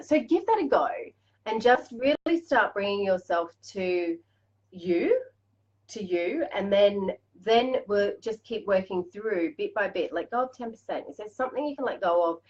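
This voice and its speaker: A woman's voice: medium pitch, dull audio. An Australian woman hosting a live-stream coaching chat, bubbly and chatty, laughing often. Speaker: life coach host.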